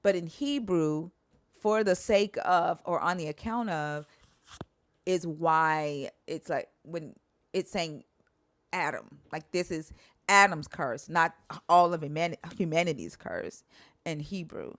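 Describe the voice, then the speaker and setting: Young woman host, low voice, unhurried, hesitant and swears casually. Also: animated, dry recording. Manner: hesitant, trails off, sounds out words, swears casually. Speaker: podcast host. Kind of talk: casual chat about Hebrew translation.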